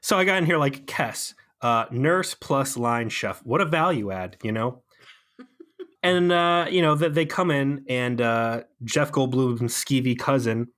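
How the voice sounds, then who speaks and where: Male podcast co-host, mid-pitched, sarcastic and rambling, casual chat. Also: a little slow, fairly bright tone. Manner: rambling, sarcastic, lots of fillers.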